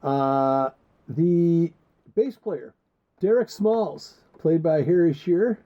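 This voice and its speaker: In muffled lo-fi podcast audio, a man with a fairly high voice talks at a slow pace. As co-host, he keeps the chat casual, rambling and joking with crude asides.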